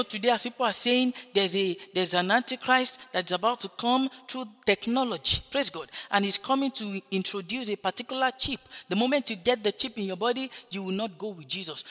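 A man preaches with a high, bright voice that rings out through a large, echoing hall. He presses his points with repeated rhetorical questions and keeps punctuating them with interjections of praise. The delivery is emphatic and exhorting. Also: lively intonation, brisk, few pauses. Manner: emphatic, repeating refrains like "Praise God" and "Hallelujah". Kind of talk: sermon.

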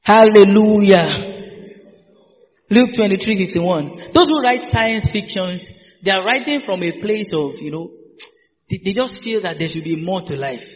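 A man's voice: high voice, lively intonation, normal speed. A man preaching a sermon, exuberant, laughing often and repeating hallelujahs and phrases. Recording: echoey hall, dull lo-fi sound.

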